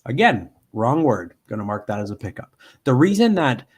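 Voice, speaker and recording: A man giving a live software demonstration from home, explaining step by step with frequent ums and restarts. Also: medium pitch, very animated, normal speed, husky.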